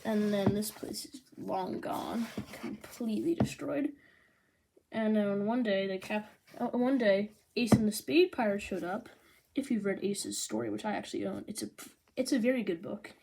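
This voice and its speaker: A woman giving a casual manga review, rambling and excitable, with lots of "like" fillers. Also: mid-range voice, normal speed, gravelly, slight background noise.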